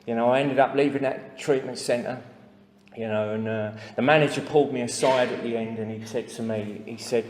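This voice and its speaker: A man's voice: medium pitch, steady tone, moderate pace, slight background noise. A man with an English accent sharing his recovery story at a meeting, plain-spoken and full of asides and fillers. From England. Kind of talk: personal testimony to a recovery meeting. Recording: echoey hall with long reverb.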